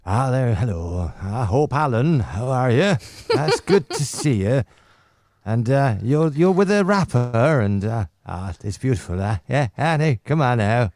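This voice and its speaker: A man putting on the voice of a genial older male radio presenter, with lilting, drawn-out greetings. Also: medium pitch, expressive, darkish tone, no echo, clean studio sound. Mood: fond teasing.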